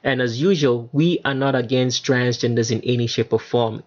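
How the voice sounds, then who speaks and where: Guy doing a solo channel monologue, pushy emphatic delivery, lots of uhs, mid-pitched voice, kinda dull lo-fi sound. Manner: emphatic, with frequent fillers and restarts. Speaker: channel host. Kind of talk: solo video monologue talking over pictures.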